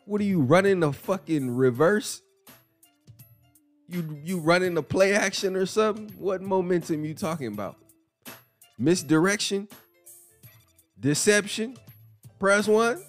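A man hosts a casual boxing podcast and riffs on the sport in an animated, mocking way, laughing often. His pitch swings widely. Faint music plays underneath. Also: a little slow, long pauses. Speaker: podcast host.

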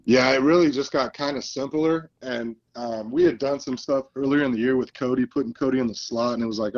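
Man telling animated football stories. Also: medium pitch, brisk, lo-fi sound. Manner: animated storyteller, acts out quoted lines. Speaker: guest, football coach. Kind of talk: casual storytelling interview.

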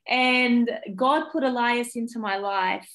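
A woman's voice: on the high side, slow, fairly bright tone, poor audio. Australian woman on a podcast, kinda teary, lots of ums, talking about her family. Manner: emotional, tearful, many fillers. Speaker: guest, primary school teacher. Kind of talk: casual interview chat.

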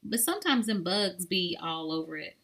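A woman's voice: lowish voice, very animated, moderate pace, noisy background. A woman co-hosting a podcast in a casual, rambling chat, with lots of "like" fillers. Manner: chatty and rambling, with many "like" fillers. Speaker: podcast co-host.

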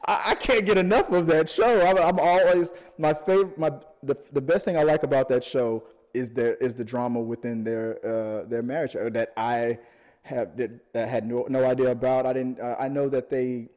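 A man co-hosting a casual chat about TV, animated and quick to laugh, sometimes jumping into high-pitched exclamations.

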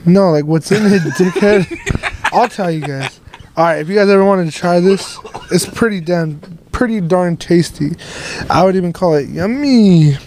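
Young male co-host, casual and profane, a bit high-pitched with a mellow tone. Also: moderate pace, slight background noise, low-quality recording. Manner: rambling, profane, heavy on filler words. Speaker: podcast co-host. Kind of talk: casual chat.

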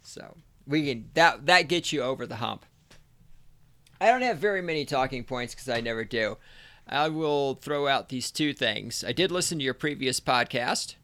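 A man's voice: medium pitch, animated, moderate pace, a bit bright. A man hosting a podcast, chatting casually with dry, laid-back replies. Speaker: podcast host. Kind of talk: casual chat.

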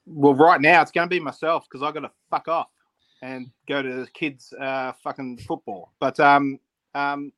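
A man's voice: fairly high pitch, steady tone, moderate pace, a bit bright. A man on a podcast, rambling with many ums and swears. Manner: rambling, full of fillers and swearing. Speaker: podcast co-host. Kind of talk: casual chat.

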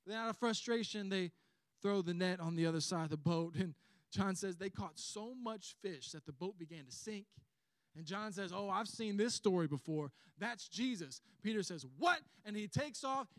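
A man with a Southern accent preaching a sermon, telling the story with animated, acted-out dialogue. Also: high voice, normal speed, no echo, studio quality. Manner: animated storytelling, acts out quoted lines. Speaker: pastor.

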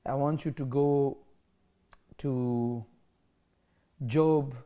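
Low-voiced woman preaching, mellow tone, quizzing the room. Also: fairly even intonation, very slow, highs cut off. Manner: emphatic, questioning listeners, laughing often. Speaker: preacher teaching scripture. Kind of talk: interactive Bible teaching.

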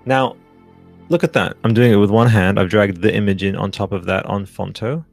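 A man in his thirties hosts a casual live stream in a low, gravelly voice. He talks loosely and swears freely, hyped and chatty. Faint music plays in the background. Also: steady tone, normal speed, darkish tone, no echo. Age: 30s. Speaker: podcast host.

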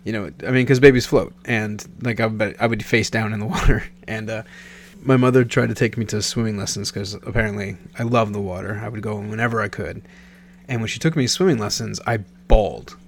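Man, thirties, from Nebraska; low gravelly voice; casual rambling storyteller who self-corrects often; faint hum in background. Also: steady tone, brisk. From Nebraska, USA.

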